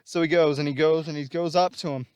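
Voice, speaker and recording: Young-sounding male host, casual rambling plot recap, light clear voice. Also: a little high, steady tone, fast, a little mellow, no echo, studio quality. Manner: rambling, many fillers and restarts. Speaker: channel host.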